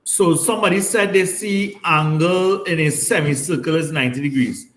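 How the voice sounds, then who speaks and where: Guy teaching maths in class, bit high voice, keeps asking right?, echoey room. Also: normal speed, a bit bright, slight background noise. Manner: explains step by step, often checks with "right?". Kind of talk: classroom lesson. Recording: roomy classroom echo.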